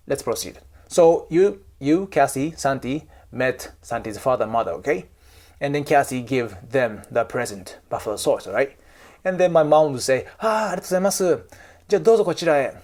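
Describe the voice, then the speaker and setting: A man's voice: mid-range voice, a little mellow. A man with a Japanese accent, giving casual advice to camera, chatty and emphatic, often checking in with "right?" and "okay?". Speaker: YouTube host and cultural coach.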